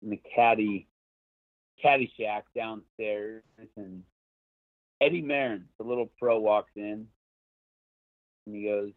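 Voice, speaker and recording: A man's voice: lowish voice, steady tone, a little slow, long pauses, dry recording. A man in his thirties telling a golf story as a podcast guest, loose and chatty with plenty of "like" and the odd curse. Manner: loose and chatty, lots of "like", some swearing. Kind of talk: casual storytelling. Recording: dry, tinny phone-like line.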